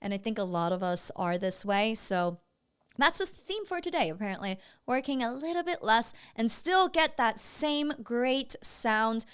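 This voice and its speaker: A woman's voice: fairly high pitch, lively intonation, a little slow, clean tone. A woman vocal coach giving feedback on a student's singing, breaking into short sung syllables to demonstrate. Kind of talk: vocal evaluation commentary.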